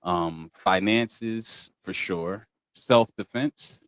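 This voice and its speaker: A man co-hosting a podcast, talking in a relaxed, easygoing way. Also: sits low, very slow, clear, resonant tone, dry recording. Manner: relaxed, trails off with ums. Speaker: podcast co-host. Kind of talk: casual chat.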